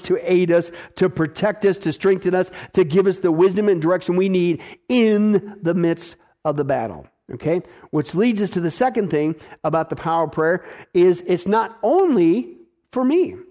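A man delivers a sermon in a notably high voice. He speaks emphatically and keeps checking in with the congregation with a quick rhetorical question. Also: a little mellow. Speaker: pastor.

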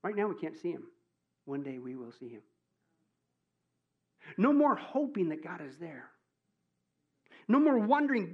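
High-voiced animated male preacher. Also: a little slow, long pauses, lo-fi sound. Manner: animated, jokey, swings from loud to hushed. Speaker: pastor. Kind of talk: sermon.

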